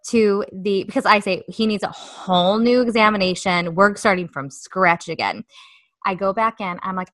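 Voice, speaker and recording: Bright, dry-voiced woman telling a story. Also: mid-range voice, no echo. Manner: animated, emphatic storytelling. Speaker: podcast co-host. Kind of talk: casual storytelling chat.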